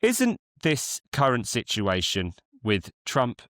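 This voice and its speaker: A man's voice: medium pitch, wildly swooping pitch, takes it slowly, a bit bright, no echo, clean studio sound. A man hosting a casual political chat, hesitant, with many ums and restarts. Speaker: host.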